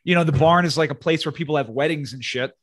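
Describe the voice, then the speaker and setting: A man's voice: a little high, fast talker, a bit bright. A man, a podcast guest, rambling casually about a movie and swearing freely.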